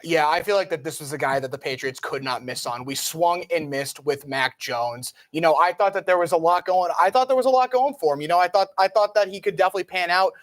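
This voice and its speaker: A man's voice: on the high side, fast, few pauses, a bit bright. A young man on a sports panel talking football, eager and repeating himself as he gets fired up. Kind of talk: casual sports chat.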